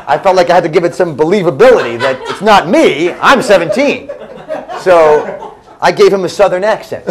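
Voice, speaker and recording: A man telling a casual story as a game show guest, halting, with many fillers and restarts. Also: high-pitched, expressive, crowd noise. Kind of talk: casual anecdote.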